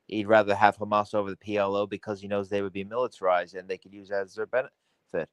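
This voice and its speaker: A man's voice: on the low side, little pitch movement, fast talker, clean tone, no room sound. A man hosting a crude, casual podcast, often repeating himself and swearing a lot. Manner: stammering repeats, heavy swearing. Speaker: podcast host.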